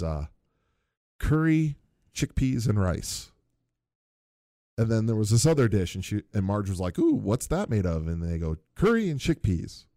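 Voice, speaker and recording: A man's voice: low-pitched, vocal fry, dark tone, dry recording, studio quality. A man in casual chat, animatedly retelling cartoon scenes, laughing often and mimicking characters.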